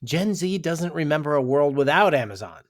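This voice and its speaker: A man's voice: on the high side, expressive, moderate pace. A man co-hosting a podcast in casual scripted banter, upbeat and reading segues and sponsor lines. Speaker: podcast co-host.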